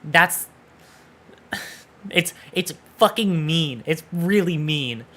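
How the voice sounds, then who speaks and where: A man's voice: on the high side, lively intonation, very slow, pushed and bright. A man streaming live, chatting casually and teasing his viewers, with playful swearing. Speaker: VTuber streamer.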